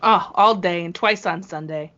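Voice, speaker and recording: A woman's voice: on the low side, normal speed, a bit bright. A woman hosting a podcast, chatting casually and gushing with enthusiasm. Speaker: podcast host. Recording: muffled lo-fi podcast audio.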